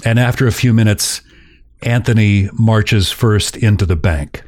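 A man's voice: fairly low pitch, unhurried, a little mellow, no echo, studio quality. A man hosting a podcast who recounts a story in a casual, chuckling way. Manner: chuckles while telling a story. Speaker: podcast host.

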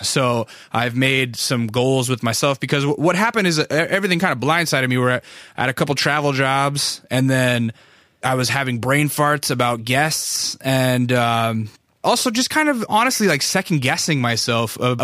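A man in his thirties from Alaska hosts a podcast alone, rambling casually and cursing as he tells stories. He acts out other people's lines and his voice shoots up high for them. His mid-range voice sits close and dry in the studio, with no room sound at all. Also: normal speed, sharp tone, dry recording. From Alaska, USA. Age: 30s. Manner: profane, rambling storyteller. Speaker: podcast host. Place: recording studio.

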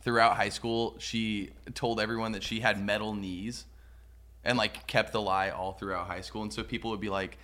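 Low bright-toned easygoing man. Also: level tone, moderate pace. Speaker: podcast co-host. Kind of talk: casual chat.

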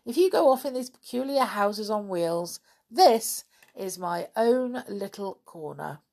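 A woman's voice: medium pitch, expressive, measured pace, creaky, a little mellow, voice pushed up. A woman reading a storybook aloud, voicing a friendly family dog in a cosy, possessive manner. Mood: contented.

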